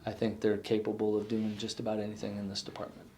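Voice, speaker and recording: A middle-aged man and retiring fire chief, reflecting in an exit interview, earnest and halting with many restarts. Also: lowish voice, completely flat delivery, a little mellow, slight background noise.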